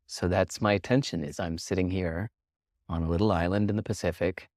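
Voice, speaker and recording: A man as a podcast guest, speaking thoughtfully and frankly in a measured way. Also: sits low, fairly even intonation, a little mellow, dry recording, studio quality. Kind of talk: reflective conversation.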